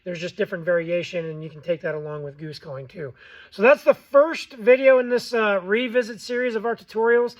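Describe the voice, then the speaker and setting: A man's voice: high voice, a little fast, poor audio. A man hosting a casual how-to tutorial, plain-spoken with frequent ums and okays. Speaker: game call maker and tutorial host.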